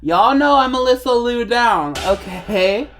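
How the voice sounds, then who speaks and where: A young woman in her twenties chats through a face-painting session in her bedroom, slow and unhurried, breaking into giggles and swearing freely. Her voice sits a touch high, and music plays clearly under her talk. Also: animated, a bit bright. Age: 20s. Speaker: vlogger. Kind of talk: casual chat while painting her face.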